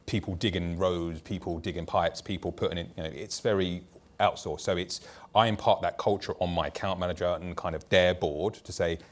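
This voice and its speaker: A man's voice: sits low, steady tone, a little fast. A man who founded a startup, speaking bluntly and telling stories from his own work on a conference panel. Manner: blunt, anecdotal, talks in long loose runs. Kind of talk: candid panel discussion.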